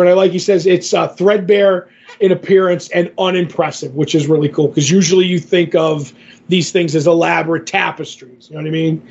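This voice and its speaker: A man's voice: on the high side, gravelly, a little mellow, slightly rough. A man hosting a podcast, casually retelling a comic book story with lots of fillers and quoted dialogue. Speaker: podcast host. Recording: dull lo-fi podcast audio.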